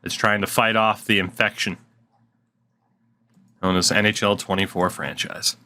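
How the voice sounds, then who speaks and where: Sarcastic gamer guy muttering n swearing at his desk mic, kinda low voice but real bright. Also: fairly even intonation, moderate pace. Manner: sarcastic, swears often, talks to himself. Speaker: gaming channel host. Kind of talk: casual gameplay commentary.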